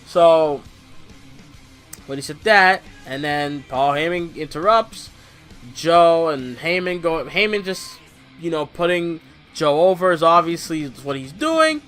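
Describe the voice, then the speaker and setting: A young man giving a casual, rambling wrestling show recap, swearing freely and acting out quotes in sudden loud bursts. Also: on the high side, expressive, slow pace, faint music behind.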